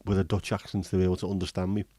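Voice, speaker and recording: Chatty man, low and mellow. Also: completely flat delivery, racing, no echo. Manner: chatty, joking, swears casually. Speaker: livestream host. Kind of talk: casual chat reading viewer comments.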